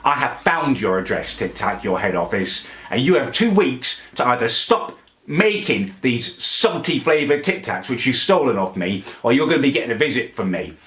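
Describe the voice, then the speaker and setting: A man's voice: medium pitch, animated, normal speed, a bit bright, close to an everyday voice. A man playing a pompous, furious ranting Englishman. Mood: indignant rant. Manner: indignant, pompous, builds into angry outbursts. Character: petty, furious, self-righteous young man ranting on camera. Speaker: comedy character vlogger. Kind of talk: comic rant to camera. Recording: echoey room.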